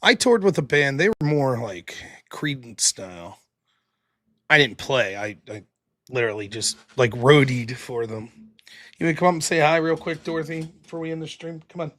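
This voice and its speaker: Lively, bright-voiced male streamer. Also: medium pitch, normal speed, no echo. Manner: loose and rambling, swears freely. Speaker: live streamer and show host. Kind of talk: casual late-night live stream chat.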